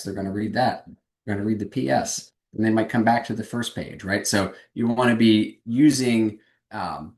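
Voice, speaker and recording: A man's voice: fairly low pitch, echoey room. A man giving a webinar presentation on fundraising, speaking energetically and emphatically over a video call.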